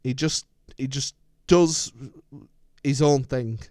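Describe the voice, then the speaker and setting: A British man co-hosting a casual chat show, chatty and quick to laugh. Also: mid-range voice, crowd noise. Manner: chatty, laughs often, slips into jokey accents. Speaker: co-host.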